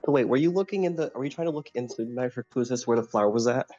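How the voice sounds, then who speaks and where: A man playing a tabletop game asks blunt questions in a mid-pitched voice. His recording sounds dry and dull, with no room echo and soft music behind. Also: rapid-fire. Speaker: player. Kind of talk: casual tabletop play.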